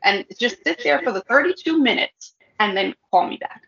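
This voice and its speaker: A woman guest talking casually about her work as a cannabis educator, animated, laughing often and acting out dialogue. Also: on the high side, moderate pace, creaky. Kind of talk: casual interview chat. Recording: dull lo-fi audio in an echoey room.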